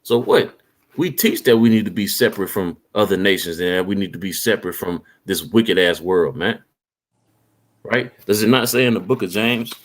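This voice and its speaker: A man preaching and reading scripture aloud, asking rhetorical questions and tagging his lines with "man.". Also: lowish voice. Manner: reads verses slowly, asks rhetorical questions, tags lines with "man". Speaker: street preacher.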